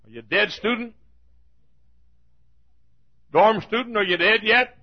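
A man preaching a fiery sermon in a church, repeating his lines and rising to shouts. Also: high voice, slow, highs cut off.

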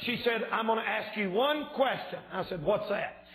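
Male revival preacher, shouting fervent delivery, slightly strained voice, echoey church room. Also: high-pitched, normal speed. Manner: yells and shouts when preaching. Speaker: evangelist preacher. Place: church sanctuary.

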